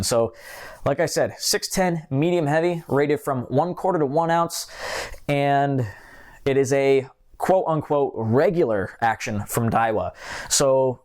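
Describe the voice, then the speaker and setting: A young man hosting a fishing channel, reviewing gear in a chatty, joking way and drifting onto tangents. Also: mid-range voice. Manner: chatty and joking, talks with his hands, goes off on tangents. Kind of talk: casual gear review to camera.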